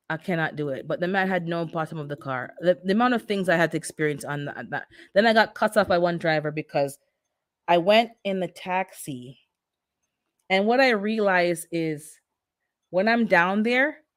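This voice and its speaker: Chatty Jamaican woman, low voice. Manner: lively, chatty storyteller. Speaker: gardening channel host. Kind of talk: casual livestream chat.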